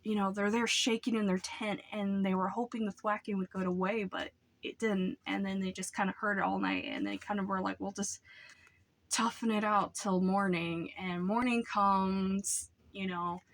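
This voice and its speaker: A woman's voice: mid-range voice, normal speed, few pauses. A young woman casually reviewing books in a rambling way, full of "like" and "um.". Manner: rambling, lots of "like" and "um" fillers. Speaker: book vlogger.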